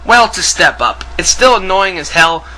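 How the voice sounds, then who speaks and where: A man's voice: high voice, lively intonation, normal speed, sharp tone, low-quality recording. A man ranting angrily in a video commentary, profane and sarcastic. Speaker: video ranter.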